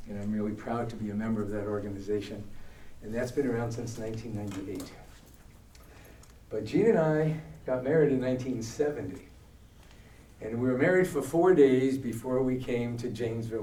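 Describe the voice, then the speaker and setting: This older man from Brooklyn speaks in a mid-range voice with a New York accent, animatedly impersonating the people in his stories during a guest talk in a church hall. The recording is rough, with an echoey room and the mic set well away.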